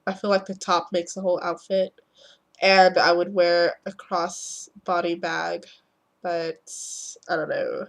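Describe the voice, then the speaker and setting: A woman's voice: on the low side, flat delivery, measured pace, vocal fry. A teenage girl with a cold vlogging casual dating advice at home, rambling, swearing freely and acting out awkward thoughts. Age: teens. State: sick, voice affected by a cold.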